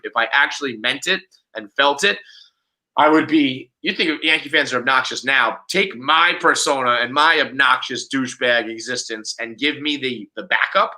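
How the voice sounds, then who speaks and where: A man, co-hosting a casual podcast chat in a brash, profane, animated way. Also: medium pitch, rough recording. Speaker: podcast co-host.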